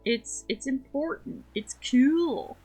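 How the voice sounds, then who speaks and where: Unhurried, playful woman streamer. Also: high voice, dark tone, husky, faint music behind. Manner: playful, rambling, chatty. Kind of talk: casual gameplay chat.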